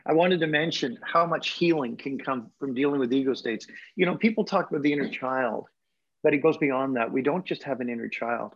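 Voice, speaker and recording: The audio is dull, and this man's medium-pitched voice sounds creaky and slightly rough. Raised in England, now speaking with a Canadian accent, he's in his sixties and reflects emotionally on personal stories during an interview, with laughs mixed in.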